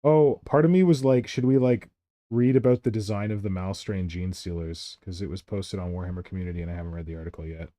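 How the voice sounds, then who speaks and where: A man's voice: low-pitched, quick pace, warm tone, no room sound. Chatty man hosting a hobby stream. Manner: chatty and playful. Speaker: streamer host. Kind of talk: casual hobby stream chat.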